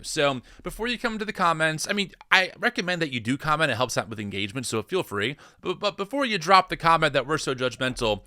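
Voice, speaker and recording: A man's voice: fairly high pitch, quick pace, few pauses, no echo, clean studio sound. A man co-hosting a podcast, chatting casually and emphatically about faith and the news. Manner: animated, emphatic, quotes scripture. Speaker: podcast co-host. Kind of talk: casual commentary chat.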